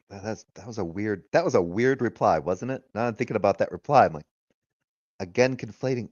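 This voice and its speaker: A man's voice: on the low side, a little fast, a little mellow, dry recording, muffled recording. A man hosting a casual livestream, talking loosely, swearing freely and laughing often. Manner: retells arguments in quoted voices. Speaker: livestream host.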